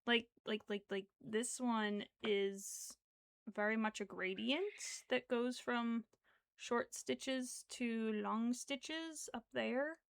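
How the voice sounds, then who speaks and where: A woman's voice: a little high, steady tone, takes it slowly, creaky, clean tone, no echo. A woman streaming her crochet work, chatting casually in a rambling way full of fillers and counting stitches half to herself. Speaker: craft streamer. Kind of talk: casual livestream chat while crocheting.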